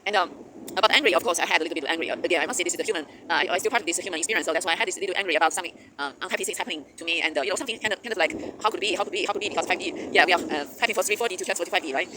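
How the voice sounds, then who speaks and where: A man giving a spiritual monologue as host of his channel, halting with many fillers and restarts and laughing often. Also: sits high. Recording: noisy background hiss.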